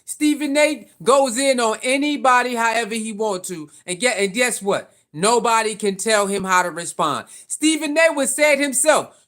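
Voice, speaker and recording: This is a sports commentator talking straight to camera in a casual, opinionated vlog. The voice sits at a middling pitch and keeps circling back with rhetorical questions and repeated points. The speech is loose and slangy throughout. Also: normal speed, few pauses, fairly bright tone.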